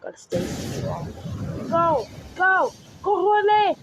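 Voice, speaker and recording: A young woman recording herself playing a game, talking to viewers and shouting and screaming as she plays. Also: extremely high pitch, very animated, very slow. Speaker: gaming video creator. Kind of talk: live gameplay commentary. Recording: faint background noise.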